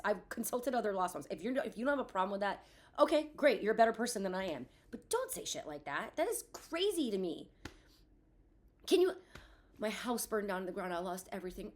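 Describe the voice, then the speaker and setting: A woman's voice: mid-range voice, very animated, moderate pace. Woman, thirties, solo podcast host, raw and profane, ranty but reflective. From Florida. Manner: blunt and profane, swinging between rant and reflection. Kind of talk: candid solo podcast monologue.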